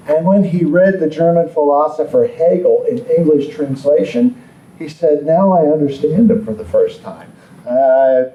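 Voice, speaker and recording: A man's voice: on the high side, mellow, highs cut off. Lecturing man, far off in an echoey room. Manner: rambling, with many ums and asides. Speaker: political science lecturer. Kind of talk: classroom lecture. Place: classroom.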